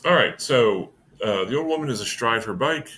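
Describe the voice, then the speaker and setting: A man's voice: medium pitch, lively intonation, normal speed, pushed and bright, slight background noise. A man running a tabletop game as game master, narrating in a rambling way and often correcting himself.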